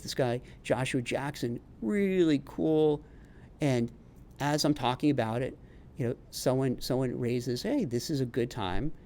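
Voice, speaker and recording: A man's voice: a little high, a little mellow. Chatty middle-aged New York man. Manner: chatty, rambling, frequent restarts. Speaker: career advice vlogger and recruiter. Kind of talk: casual homemade vlog monologue.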